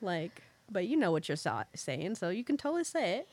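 A woman's voice: mid-range voice, very animated, darkish tone, no echo. A woman co-hosting a casual podcast, playful and joking. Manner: playful, joking, quick to laugh. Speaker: podcast co-host. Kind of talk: casual chat.

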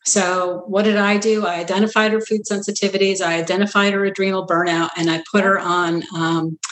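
A middle-aged woman family physician telling stories in an earnest conversational interview, animated when she quotes others. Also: medium pitch, fairly quick. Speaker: family physician, practice founder. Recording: roomy echo.

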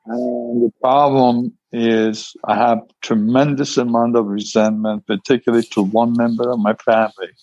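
A man at a recovery meeting, speaking hesitantly with many pauses and fillers as he asks for advice. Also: medium pitch, animated, vocal fry, a little mellow, dry recording, highs cut off. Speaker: meeting member asking a question.

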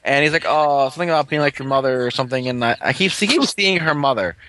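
A man recapping a TV episode in casual chat, rambling with many fillers and quick acted-out quotes. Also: mid-range voice, crowd noise. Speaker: podcast co-host recapping an episode.

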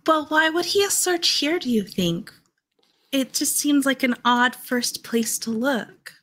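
A woman's voice: high-pitched, lively intonation, slow, fairly bright tone. A woman playing a character in a tabletop game, eager, curious and polite. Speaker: player. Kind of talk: in-character role-play.

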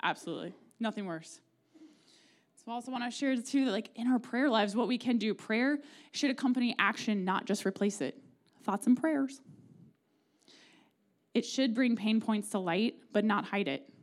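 A woman pastor in her forties with a Midwestern American accent preaches in a church. Her voice sits fairly high. She talks in a chatty, joking way and acts out quoted prayers. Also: normal speed, long pauses. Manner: conversational and humorous, acting out quoted prayers. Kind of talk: sermon. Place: church sanctuary.

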